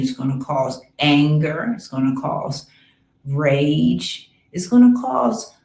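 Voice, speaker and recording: A woman giving a slow, affirming spiritual talk, with soft murmured asides. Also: lowish voice, roomy sound, rough recording. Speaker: spiritual coach.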